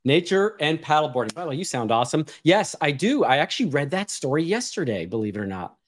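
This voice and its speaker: A man's voice: fairly high pitch, sing-song, fast. Rambling, laughing man in casual chat. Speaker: co-host.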